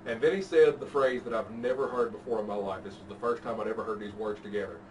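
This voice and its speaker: Casual man, podcast host telling a profane anecdote, mid-pitched voice, far from the mic with noise behind him. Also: fairly even intonation, fast. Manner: laid-back, profane storytelling. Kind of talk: casual chat. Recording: distant mic with background noise.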